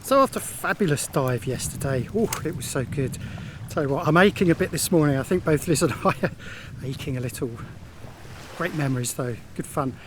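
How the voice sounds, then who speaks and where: A man's voice: a little high, lively intonation, brisk, noisy background. A man hosting a sailing vlog, chatting cheerfully and rambling to camera outdoors. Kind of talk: casual vlog narration to camera. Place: outdoors at an anchorage.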